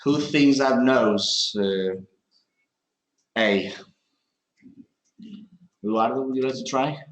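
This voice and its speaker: A man's voice: medium pitch, echoey room, poor audio. A man teaching English grammar in a classroom, correcting sentences patiently with examples. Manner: patient, explains slowly with examples.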